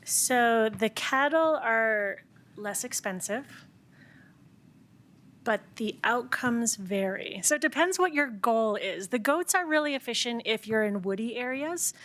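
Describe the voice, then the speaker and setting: A woman from the city staff giving clear, methodical answers to council questions at a meeting. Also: fairly high pitch, expressive, a little slow, a bit bright. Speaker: city open space staff member. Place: council chamber.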